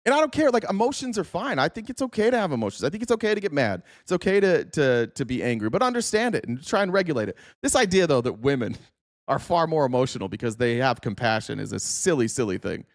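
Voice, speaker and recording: High-voiced man hosting a reaction stream: sarcastic, profane, dry close sound. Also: big pitch swings, fast talker, no room sound. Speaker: host.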